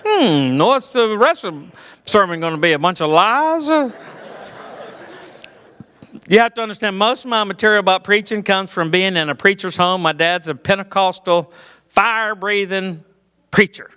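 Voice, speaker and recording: Folksy Southern comedian, bright ringing voice. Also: male voice, high voice, expressive, clear, resonant tone. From Georgia, US. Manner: folksy, self-deprecating, halting with fillers. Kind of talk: clean stand-up storytelling. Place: church hall. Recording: echoey hall.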